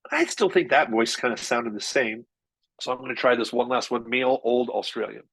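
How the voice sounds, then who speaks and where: A man presenting marketing tools in an energetic, chatty live software demo, with quick shifts in pace. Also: medium pitch, vocal fry, slightly rough, low-quality recording.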